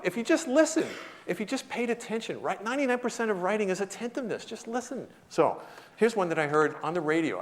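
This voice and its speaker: An American man giving a storytelling lecture in a hall, animated, laughing often and shouting out quoted lines. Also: sits high. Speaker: guest lecturer.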